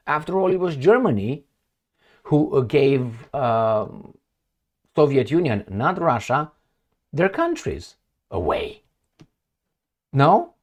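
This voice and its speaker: A man's voice: on the high side, sing-song, slow, pauses often. A man from Eastern Europe, a non-native English speaker, giving a heated, sarcastic political monologue while pointing at a map. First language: Romanian. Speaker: political commentator. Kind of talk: opinionated monologue.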